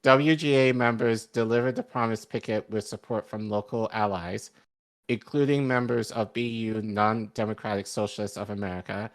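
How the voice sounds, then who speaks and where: A man co-hosting an online news show, reading an article aloud with comments, halting with ums and self-corrections, a hint of a Boston accent slipping in. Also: on the low side, fairly even intonation. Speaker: podcast co-host.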